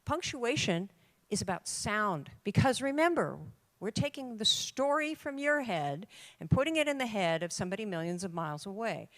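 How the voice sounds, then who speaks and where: An older woman giving an emphatic, lively talk to a room of writers, with dramatic pauses. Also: medium pitch, no room sound. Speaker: conference speaker. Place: conference room.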